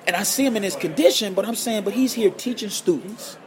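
Crowd noise surrounds this man, whose voice sits high and moves fairly quickly. As a guest guitarist on a podcast, he tells stories with energy and performs the voices of those he quotes.

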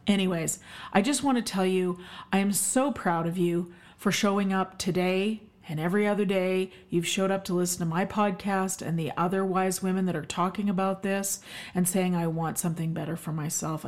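A middle-aged woman from Canada hosts her own podcast in a solo talk. Her voice sits a little low, and she speaks in an effusive, emphatic way, with fillers scattered throughout. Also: fairly even intonation, moderate pace, darkish tone. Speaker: podcast host, health expert.

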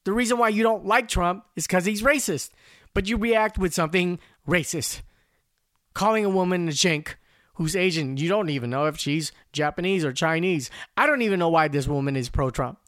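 A man's voice: high-pitched, normal speed, fairly bright tone, no room sound, studio quality. A man hosting a podcast, talking through commentary in a casual, rambling way, often repeating words as he starts. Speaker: podcast host.

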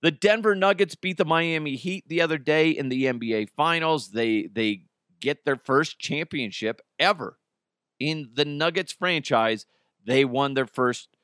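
A man's voice: a little high, expressive, unhurried, fairly bright tone, no echo, clean studio sound. A man hosting a casual solo podcast, rambling and cursing freely, with many restarts and broken-off sentences. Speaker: podcast host.

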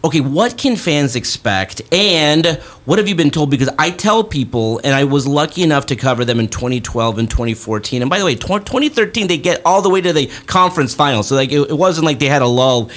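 A man's voice: a little high, fairly quick, hardly any pauses. A man hosting a sports podcast in a chatty style, often stopping to correct himself. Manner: chatty, self-correcting, animated. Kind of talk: casual sports talk.

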